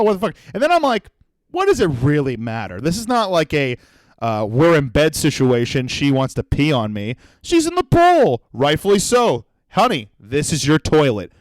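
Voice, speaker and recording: A young man from Florida, a comedian hosting his own podcast, ranting in a loud, profane, animated way and acting out little voices. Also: fairly high pitch, no room sound. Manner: animated, profane, yelling rant with acted-out voices. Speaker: comedian host.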